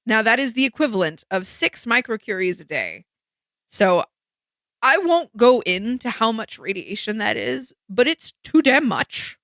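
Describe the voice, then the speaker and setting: A woman co-hosting a podcast in casual chat, lively and chatty, explaining facts with exclamations. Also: a little high, unhurried, no echo. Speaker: podcast co-host.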